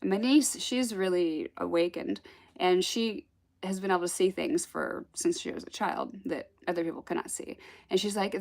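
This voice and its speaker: A woman telling a personal spiritual story in a casual, animated way, acting out the voices she quotes and laughing often. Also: on the low side, normal speed, gravelly.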